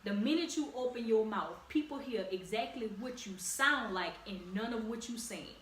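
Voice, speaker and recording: A woman's voice: on the high side, lively intonation, normal speed, fairly bright tone. A young woman with a Louisiana accent, hosting a podcast in a direct, encouraging, casual way with slang. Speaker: podcast host. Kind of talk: casual solo podcast talk. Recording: echoey room, distant mic, faint ambient noise.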